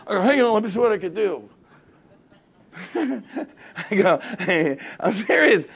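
A middle-aged male pastor with a fairly high voice tells a story from the pulpit. He acts out the back-and-forth of phone calls. He laughs his way through the funny parts. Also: a little slow. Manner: animated, acts out both sides of conversations, laughs often. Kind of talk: storytelling sermon.

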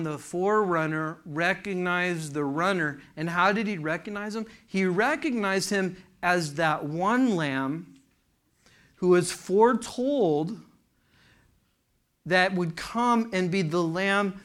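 A man's voice: high voice, takes it slowly, a bit bright. A man preaching a sermon to a congregation in a church, fervent and asking the room questions. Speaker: pastor.

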